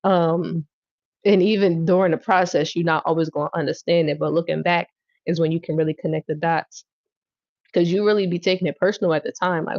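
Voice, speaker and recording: A woman giving a casual tarot reading on a livestream, talking bluntly with lots of swearing, bursting into loud laughter and acting out scenes. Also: deep voice, steady tone, normal speed, pauses often, no room sound, lo-fi sound. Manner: blunt, profane, laughs loudly and acts out scenes. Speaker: tarot reader.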